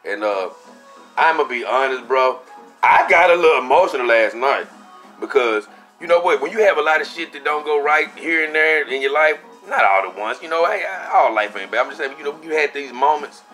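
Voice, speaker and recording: A young man casually telling a story for his vlog, animated and profane, acting out what he said at the time. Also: a little high, brisk, soft background music. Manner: animated, profane, acts out his own quotes. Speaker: vlogger.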